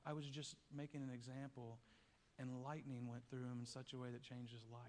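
A man pastor preaching a sermon, telling a story with acted-out voices and building to loud peaks. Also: medium pitch, little pitch movement, a little fast. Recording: long reverb of a large hall.

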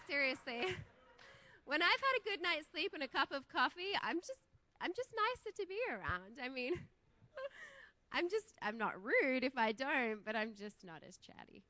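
Lively Australian woman preaching casually. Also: high voice. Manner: chatty, laughs often, self-deprecating. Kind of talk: casual sermon. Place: church.

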